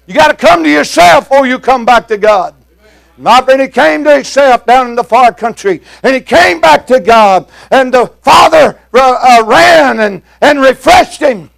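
An older male preacher with a very high, gravelly voice delivers a fiery sermon. He shouts in a rolling preaching cadence, folksy and plain-spoken, with "uh" fillers between phrases. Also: expressive, moderate pace.

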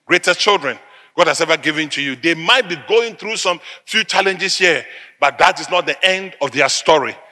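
Male preacher from Africa, middle-aged; tense, sharp and forceful delivery; emphatic repetition; large reverberant hall. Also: fairly high pitch, lively intonation, normal speed. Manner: emphatic, repetitive declarations, sudden loud bursts. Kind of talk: sermon.

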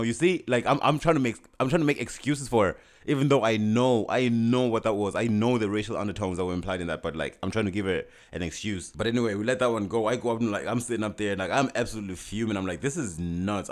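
A young man casually telling a personal story, animated and full of restarts and acted-out dialogue. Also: on the low side, fast talker, hardly any pauses.

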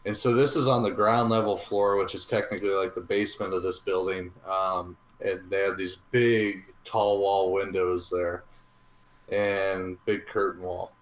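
A man's voice: low voice, steady tone, a little slow. A man co-hosting a podcast, chatting casually in a rambling, easygoing way with many ums. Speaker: podcast co-host. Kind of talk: casual chat reviewing a restaurant. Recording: roomy echo.

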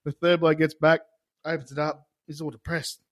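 A man's voice: fairly high pitch, level tone, moderate pace, fairly bright tone, dry recording, clean studio sound. A young Australian man, a podcast guest, telling crude jokes and chatting in a rambling, casual way. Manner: rambling storyteller, crude, laughs through jokes. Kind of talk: casual banter.

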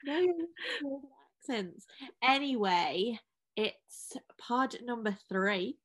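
A woman's voice: fairly high pitch, animated, fairly bright tone. Chatty woman podcast co-host at home. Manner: chatty, rambling, quick to laugh. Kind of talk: casual chat.

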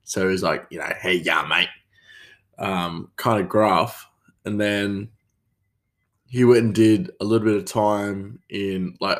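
A man with an Australian accent, rambling through a casual story as host of his own show. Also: low voice. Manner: rambling, animated storytelling with many fillers. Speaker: podcast host, chef.

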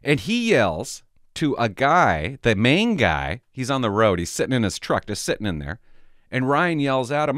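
Rambling middle-aged man with lively pitch. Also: normal speed, no echo, clean studio sound. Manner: rambling storyteller with restarts. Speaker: vlogger. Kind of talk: casual vlog chat.

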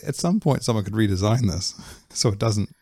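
Low gravelly-voiced man chatting. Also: lively intonation, fairly quick, mellow, no echo, clean studio sound. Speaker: podcast co-host. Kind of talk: casual chat.

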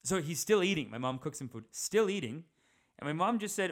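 A young man telling stories in a casual, rambling comic monologue, animated and full of filler words. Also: a little high, fairly quick. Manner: rambling, animated, says dude a lot.

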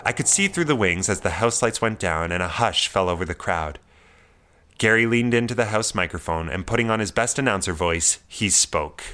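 A young man narrating a personal story in a wry, measured way. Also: fairly low pitch, animated, bright, forceful tone. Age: young adult.

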